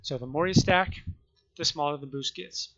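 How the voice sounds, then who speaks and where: A man with the hiccups explaining gameplay in a rambling, halting way, often restarting and correcting himself. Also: fairly high pitch, a bit bright. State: has the hiccups. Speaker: gaming video creator. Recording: muffled lo-fi mic.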